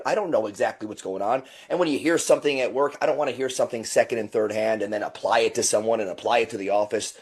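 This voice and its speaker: A man's voice: mid-range voice, fast, few pauses, slightly rough. A man speaking as a pro wrestler in a backstage interview, earnest and rambling, correcting himself mid-sentence.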